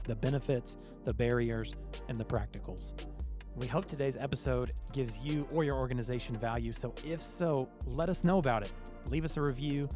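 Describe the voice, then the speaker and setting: A man hosting a podcast in casual chat, joking and often repeating words as he starts sentences. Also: mid-range voice. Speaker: podcast host.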